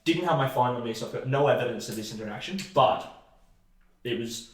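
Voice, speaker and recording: A man's voice: mid-range voice, lively intonation, fairly quick. Rambling man in echoey room. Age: young adult. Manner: rambling storyteller, many fillers and restarts. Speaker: podcast co-host. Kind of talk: casual chat.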